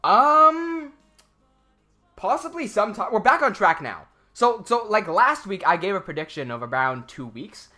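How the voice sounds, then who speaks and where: Bright-voiced rambling livestream host. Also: male voice, sits high, big pitch swings, a little slow. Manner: rambling, laughs often, many fillers and restarts. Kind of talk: casual livestream chat reading viewer comments.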